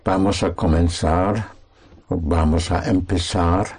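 A man teaching a language lesson to students, speaking slowly and patiently, prompting and correcting them. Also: low-pitched, fairly even intonation, darkish tone, slightly rough. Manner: slow, patient, reassuring, repeats and corrects.

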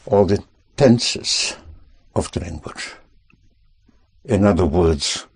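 Slow, gravelly, low-voiced male teacher. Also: a little mellow. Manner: slow, patient, reassuring, repeats and corrects. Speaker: language teacher. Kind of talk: spoken language lesson with students.

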